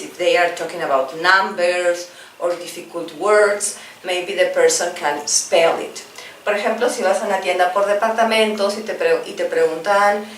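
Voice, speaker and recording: A woman's voice: mid-range voice, a bit bright, distant mic. Spanish-speaking woman teaching English, echoey room. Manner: slow, over-articulated drill repetitions, quicker Spanish explanations. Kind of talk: bilingual English lesson with drills. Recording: roomy echo, voice a bit off-mic, faint background noise.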